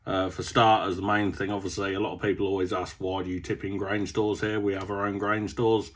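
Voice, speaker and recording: This young farming vlogger speaks fairly fast in a low, flat voice. He chats casually, wandering from story to story and filling gaps with plenty of ums.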